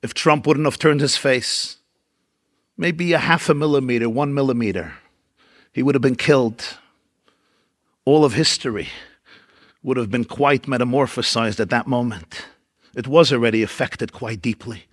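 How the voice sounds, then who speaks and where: A man's voice: medium pitch, moderate pace, pauses often. A man with a Brooklyn accent delivering a keynote lecture as a rabbi, speaking with dramatic oratory and emphatic repeated lists. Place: large event hall at a dinner.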